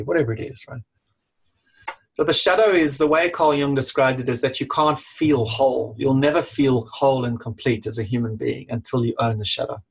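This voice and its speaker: Husky, blunt man. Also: mid-range voice, normal speed. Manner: blunt and frank, swears freely, acts out quoted exchanges. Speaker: leadership coach. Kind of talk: casual talk to camera.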